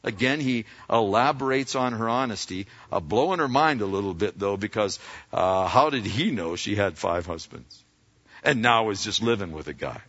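Fairly low in pitch yet a bit bright, this pastor's animated voice moves at a normal speed through a casual sermon full of slang and quoted lines he performs himself. The recording sounds dull, with a long reverb from the hall.

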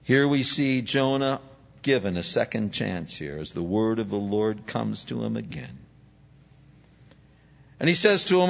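A male pastor delivers a sermon with a lively, swooping pitch, slipping into the voices of biblical figures as he speaks. His voice rings with a long hall reverb and sounds a little dull and muffled. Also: measured pace, gravelly, pauses often. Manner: animated, acts out biblical figures in dialogue.

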